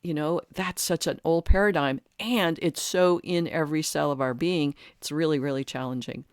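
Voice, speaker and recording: A woman's voice: sits low, normal speed, clear, resonant tone, no room sound, studio quality. A woman hosting a solo podcast, thinking aloud earnestly with many restarts and fillers. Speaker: podcast host and coach. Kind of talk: reflective solo podcast talk.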